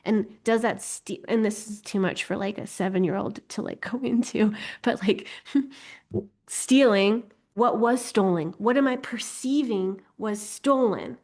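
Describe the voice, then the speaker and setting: Chatty female teacher, animated delivery, mid-pitched voice. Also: unhurried. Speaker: astrology and human design teacher. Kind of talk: casual teaching talk.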